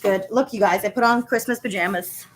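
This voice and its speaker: A woman's voice: mid-range voice, brisk, a little hiss or hum. A woman hosting a casual live stream from her home kitchen. She talks in a chatty, upbeat way, with many fillers and restarts. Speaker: co-founder and live show host.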